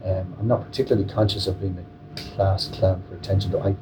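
Irish man, comedian guest, low voice, rambling jokey talk, distant mic, faint noise. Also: level tone, quick pace. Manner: joking, rambling with many restarts. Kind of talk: interview.

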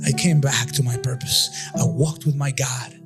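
A male preacher voicing the biblical hero Samson in a slow, grave, lowered voice, looking back on his life with quiet triumph. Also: steady tone, close to an everyday voice. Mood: solemn. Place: church. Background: instrumental music.

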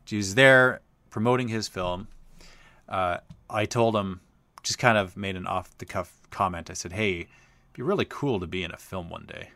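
Man, low voice, forceful tone, dry close sound, casual storyteller, chatty host. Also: no echo. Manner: chatty, rambling, lots of uh fillers.

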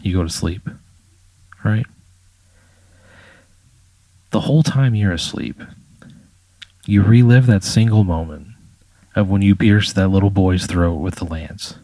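Very deep-voiced man running a game. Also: measured pace, long pauses, warm tone, no room sound. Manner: casual, profane storytelling. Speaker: game master. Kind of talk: narrating a tabletop game.

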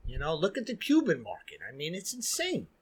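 Chatty New York guy, a bit high-voiced, rambles with fillers as a podcast guest. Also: fairly quick, crowd noise. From Queens, New York. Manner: animated storyteller, heavy filler "like" and "you know". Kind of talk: casual chat.

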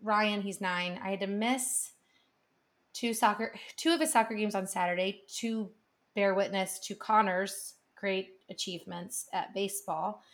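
Speaking at a measured pace with fairly even intonation and a medium pitch, the woman co-hosting the podcast rambles earnestly through her stories. She's in her thirties or forties, the talk is casual chat, and she frequently restarts.

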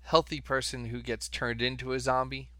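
A man's voice: medium pitch, level tone, moderate pace, bright, forceful tone, no room sound. A man hosting a casual podcast chat, asking questions. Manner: questioning, restarts words. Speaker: podcast host.

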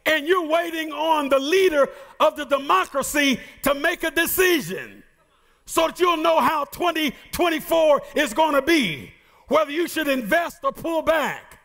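A man preaching a sermon as pastor, shouting and half singing his lines with playful asides to the congregation. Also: very high voice, expressive, a little slow, creaky.

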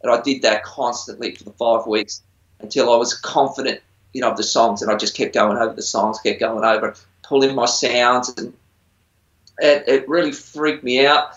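A middle-aged man's medium-pitched voice comes across steady and fairly bright at a normal speed. A musician on a TV singing show, he tells rambling, chatty, self-deprecating stories in a casual interview, captured in roomy, dull lo-fi sound.

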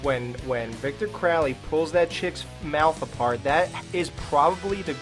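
A man's voice: fairly high pitch, unhurried, over music. A man hosting a podcast, chatting casually and enthusiastically and calling his guest dude. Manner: enthusiastic, calls people dude. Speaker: podcast host.

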